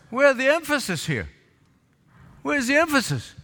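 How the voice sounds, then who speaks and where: A man's voice: extremely high pitch, very animated, moderate pace, bright, forceful tone, long reverb tail, slight background noise. A male pastor preaching a sermon, calling for responses from the congregation and repeating lines for emphasis. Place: church sanctuary with balcony.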